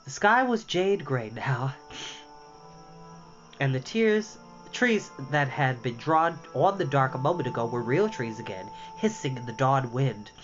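A reader in their thirties reading a novel aloud in a lively, expressive way. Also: mid-range voice, unhurried. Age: 30s. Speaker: storytime reader. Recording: dull lo-fi with faint music.

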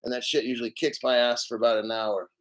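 A man hosting a casual crypto livestream, a little out of breath, talking loudly and profanely and swinging between mumbled asides and shouting. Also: mid-range voice, little pitch movement, fast. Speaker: crypto show host.

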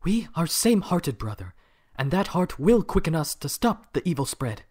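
Man doing a high rallying air warrior. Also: very animated, normal speed, darkish tone, slightly rough.

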